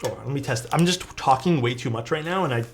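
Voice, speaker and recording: A man's voice: mid-range voice, fast talker. Chatty young man telling stories on stream. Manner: rambling and chatty, peppered with "like" and swearing. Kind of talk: casual storytelling while building a keyboard on a live stream. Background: faint background music.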